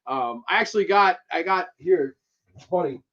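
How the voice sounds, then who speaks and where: An animated young man with a high voice and moderate pace runs a horror movie review livestream. Answering viewers, he rambles casually, slips into slang and reads chat out loud, all on dull lo-fi audio.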